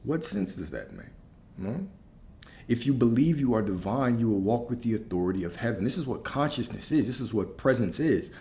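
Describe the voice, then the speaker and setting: A man's voice: mid-range voice, big pitch swings, a little fast, dark tone. A man giving a spiritual talk as a coach, preaching emphatically, repeating key phrases and asking rhetorical questions.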